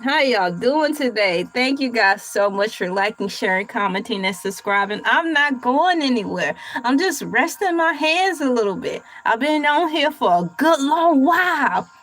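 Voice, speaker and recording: A woman's voice: high voice, lively intonation, a bit bright, low-quality recording. A woman hosting a casual livestream, reading a recipe aloud and riffing on it with playful, rambling jokes. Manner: playful, rambling, jokey asides; reads aloud slowly, then riffs on it. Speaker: livestream host.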